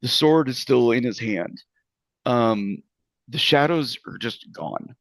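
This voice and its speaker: A man's voice: medium pitch, lively intonation, slow, creaky, no echo. A man narrating a tabletop game as game master, rambling with many fillers.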